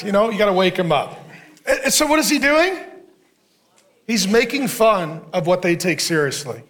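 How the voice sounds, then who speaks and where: High-voiced pastor preaching with sarcastic humor. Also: male voice, noisy background. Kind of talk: sermon.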